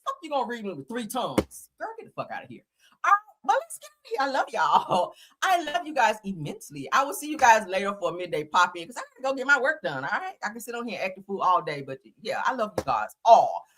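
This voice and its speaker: A woman's voice: mid-range voice, big pitch swings, quick pace, a bit bright, slight background noise. A woman hosting a casual gossip show, talking bluntly and profanely in a fired-up way. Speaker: host.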